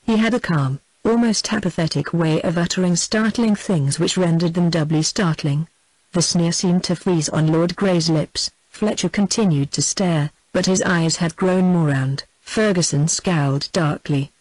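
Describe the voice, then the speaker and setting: Steady audiobook reader, mid pitch, dry close sound. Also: unhurried, no echo, low-quality recording. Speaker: audiobook narrator. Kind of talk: scripted narration of a historical novel.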